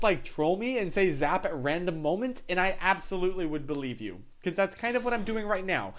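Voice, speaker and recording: A man's voice: on the high side, animated, normal speed. A man chatting casually on a live stream, rambling through tangents with lots of fillers. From United States.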